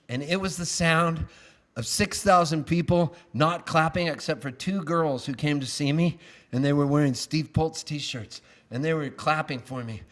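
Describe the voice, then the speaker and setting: A man's voice: fairly high pitch, moderate pace, a bit bright. A man telling a wry, self-mocking story on a live stage, between songs. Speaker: singer-songwriter. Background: acoustic guitar.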